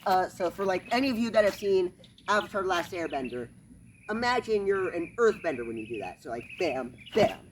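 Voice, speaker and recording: Lively-pitched man teaching karate outdoors. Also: slight background noise. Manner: halting, many fillers, punctuates moves with "bam"; talks while performing moves. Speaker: karate instructor. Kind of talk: casual demonstration lesson. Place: backyard, outdoors. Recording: distant outdoor recording with clucking chickens.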